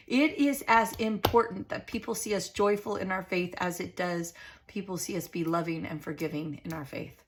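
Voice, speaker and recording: A woman's voice: fairly low pitch, moderate pace, slight background noise. A middle-aged woman hosting a craft channel, chatting in a rambling, heartfelt way while she works on a journaling page. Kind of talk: casual chat while crafting.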